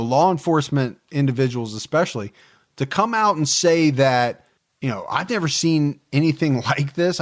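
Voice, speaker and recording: A man in his forties co-hosting a true-crime podcast, telling the case in a relaxed, joking way with plenty of fillers. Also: medium pitch. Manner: storytelling, joking, many fillers. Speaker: podcast co-host.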